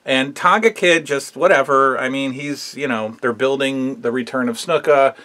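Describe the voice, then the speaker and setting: The host of a wrestling history show talks at normal speed in a sharp, medium-pitched voice. His casual review is opinionated and meandering, with lots of filler words.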